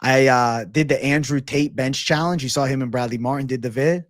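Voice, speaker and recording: A man hosting a live stream in casual chat, animated, swearing and calling everyone 'bro'. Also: medium pitch, a little fast, no echo, studio quality. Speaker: stream host.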